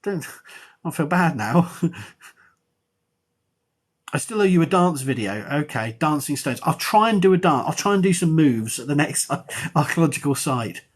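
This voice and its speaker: A middle-aged man, an archaeology professor, chatting on a live stream in a rambling, self-mocking and excitable way. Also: a little high, normal speed, long pauses, breathy edge. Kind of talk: casual live-stream chat.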